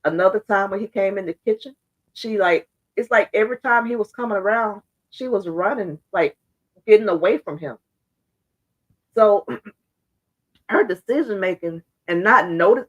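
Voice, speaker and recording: Hoarse, blunt woman commentator, lo-fi sound. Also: medium pitch, normal speed. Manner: blunt, fired-up, talks straight to viewers. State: hoarse and congested. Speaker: social media commentator. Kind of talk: casual opinion commentary.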